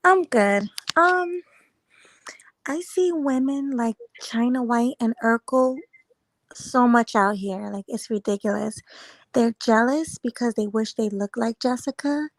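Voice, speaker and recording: A woman's voice: fairly high pitch, measured pace, no room sound. A woman calling in to a live stream, giving her opinion in a direct, casual way. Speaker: caller. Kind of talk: casual call-in chat.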